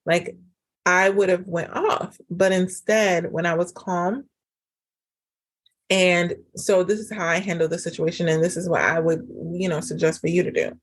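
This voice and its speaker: A woman hosting a casual solo podcast as a relationship coach, chatty and animated, full of fillers. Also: on the low side, moderate pace. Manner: chatty and animated, acts out quoted dialogue; frequent fillers like "like" and "um".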